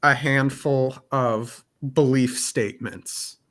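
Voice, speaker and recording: A man's voice: medium pitch, fairly even intonation, slow, fairly bright tone. A man in a casual panel chat, speaking earnestly and emphatically. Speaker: podcast panelist.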